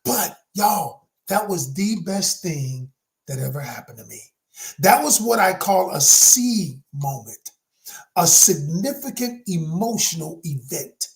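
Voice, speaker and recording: Male relationship coach, animated and emphatic, motivational storyteller. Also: high-pitched, slow, creaky. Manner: emphatic, dramatic storyteller who addresses the audience directly. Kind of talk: motivational talk with personal story.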